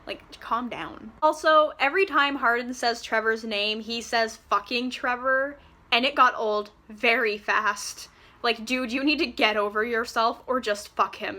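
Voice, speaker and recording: Sarcastic, bright-voiced woman ranting. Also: on the high side. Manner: sarcastic, exasperated, profane. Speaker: book reviewer. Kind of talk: ranting book review.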